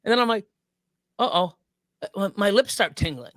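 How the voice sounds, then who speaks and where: A man's voice: high voice, expressive, quick pace, a bit bright, dry recording. A man co-hosting a live stream, telling a story in casual chat, rambling and swearing freely with lots of stops and restarts. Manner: rambling and profane, with many restarts.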